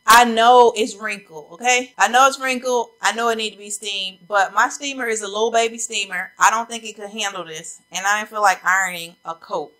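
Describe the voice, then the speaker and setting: A woman's voice: medium pitch, steady tone, brisk, hardly any pauses, sharp tone, poor audio. A woman, chatting casually to viewers about coats in a try-on video, a little out of breath. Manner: chatty, addresses viewers as y'all. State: slightly out of breath. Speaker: fashion vlogger. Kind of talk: casual try-on haul chat. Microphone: camera mic facing a ring light.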